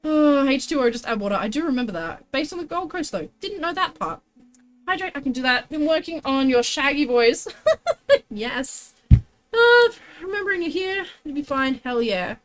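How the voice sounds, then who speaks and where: A woman's voice: high-pitched, very animated, normal speed, fairly bright tone. A woman chatting casually on a livestream while crafting, reading out chat messages and answering them in a chatty, exclamatory way. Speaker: streamer crafting a costume tail.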